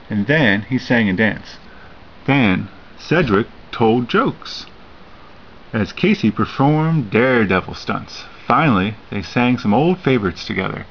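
A man reading a children's picture book aloud to his child, with expressive storybook narration. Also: on the low side, vocal fry. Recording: dull home recording with faint hiss.

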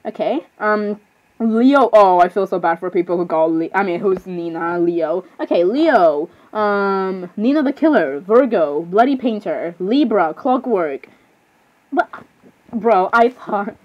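A woman's voice: medium pitch, a little mellow. A young woman chatting casually, rambling and apologizing as she reads out lists and reacts. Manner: rambling, giggly, self-interrupting with frequent apologies. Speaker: fan reading creepypasta zodiac lists. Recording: slightly muffled, faint background hiss.

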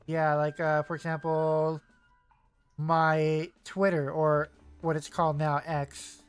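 A man's voice: a little high, level tone, takes it slowly, clean tone, soft background music. A young man streaming a video game, chatting casually and rambling with lots of fillers and self-corrections. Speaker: gaming streamer. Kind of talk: casual let's-play chat.

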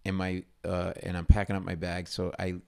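A middle-aged man, a comedian, telling a story on a talk show. He is animated and acts out the voices in his story with loud bursts. His speech is casual and quick to shift. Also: sits low, creaky, clear, resonant tone. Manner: animated, acts out quotes loudly. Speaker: comedian guest. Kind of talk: storytelling chat.

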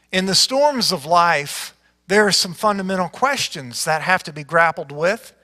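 A man preaching a sermon as pastor, reading scripture dramatically with big swings from loud to hushed. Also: fairly high pitch, in a large hall. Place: church sanctuary.

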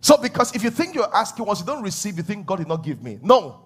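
Male pastor, husky and animated, swings his pitch a lot while preaching. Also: quick pace, soft background music. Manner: animated preaching with laughs and acted-out asides. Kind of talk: sermon. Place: church hall.

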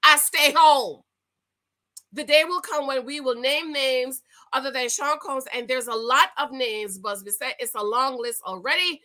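High, bright-voiced woman vlogger. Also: low-quality recording. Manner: indignant, talks straight to viewers. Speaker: YouTube commentary host. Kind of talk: reading news and reacting to camera.

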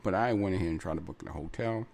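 A man's voice: low voice, quick pace, vocal fry, darkish tone. A man hosting his own podcast, talking in a chatty solo monologue full of repeats and asides like "right?" and "you know". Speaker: podcast host.

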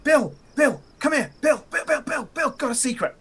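A man voicing a rough, sweary guard who turns on his own side and yells orders in a frantic rush. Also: extremely high pitch, animated, moderate pace, voice pushed up. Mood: wheedling. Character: rough male guard turning on his crew, brash and profane.

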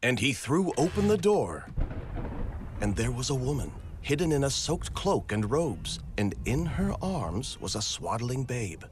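A man narrating a storybook adventure game aloud in a measured, dramatic way. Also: medium pitch, very animated, slight background noise.

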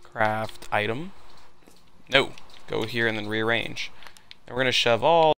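Gravelly-voiced man joking through gameplay. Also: medium pitch, a little slow, pushed and bright. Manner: joking, profane asides. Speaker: gameplay commentator. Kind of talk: casual gameplay commentary.

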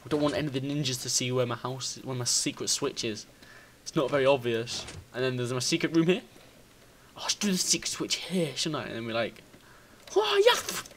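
A man giving casual gameplay commentary, excitable, thinking out loud, swearing and bursting into high squeals. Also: fast, slight background noise. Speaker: gaming video host.

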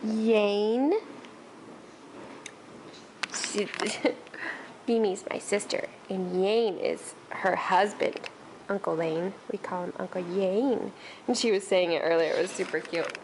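A woman's voice: medium pitch, measured pace, slight background noise. A young woman vlogging at home, playing with her toddler in sing-song baby talk and chatting to viewers. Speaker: vlogger and mother. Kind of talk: casual home vlog.

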